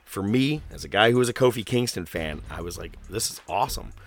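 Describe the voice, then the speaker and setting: A man's voice: fairly low pitch, animated, fairly quick. A man hosting a casual podcast, rambling and profane, with lots of fillers. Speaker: podcast host.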